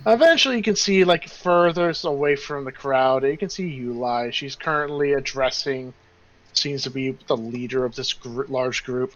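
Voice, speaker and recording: A man's voice: mid-range voice, normal speed, fairly bright tone, lo-fi sound. A man running a tabletop game as game master, narrating in a loose, rambling way.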